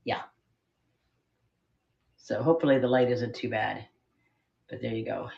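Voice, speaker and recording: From a spare bedroom at home, a middle-aged woman sells vintage jewelry on a live stream, chatting, rambling and joking at her own expense as she shows each piece. Her bass voice is unhurried, gravelly and darkish, with the highs cut off.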